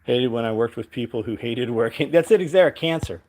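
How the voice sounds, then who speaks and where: A man's voice: medium pitch, brisk, darkish tone. A man who runs his own company, ranting bluntly and with heavy swearing about work ethic to his livestream audience. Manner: quotes his own past exchanges. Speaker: business owner and show host. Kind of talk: casual livestream talk.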